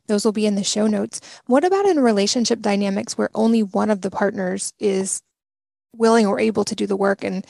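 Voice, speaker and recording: A woman hosting a podcast interview, brisk and friendly, matter-of-fact. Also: medium pitch, creaky, a little mellow, no echo, clean studio sound. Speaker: podcast host.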